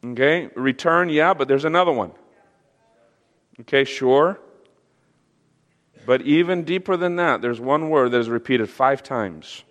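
Slow, emphatic preacher man in a hall. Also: medium pitch, lively intonation. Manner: slow, emphatic teaching with questions to the audience. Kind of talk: sermon.

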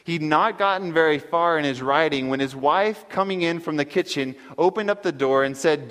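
A man's voice: fairly high pitch, normal speed, hardly any pauses, a bit bright. Man telling a sermon story in a reverberant hall. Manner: earnest, reads a story aloud. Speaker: preacher.

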